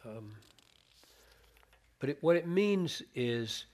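A male preacher works through a Bible passage in an unhurried, deliberate sermon. He speaks earnestly, often restarting a word while he thinks aloud. His voice sits at an ordinary middle pitch. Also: expressive, darkish tone. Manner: earnest, restarts words while thinking, acts out quoted lines.

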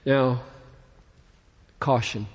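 A man preaching a sermon in an earnest tone, his voice rising and growing louder as he reads scripture. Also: medium pitch, fairly even intonation, drawn-out words, breathy edge, in a large hall, highs cut off. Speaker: pastor.

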